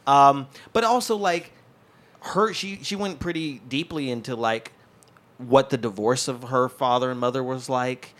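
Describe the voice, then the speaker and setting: A man from New Mexico, a guest comedian, chatting casually on a podcast and telling rambling, animated stories. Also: mid-range voice, a little slow.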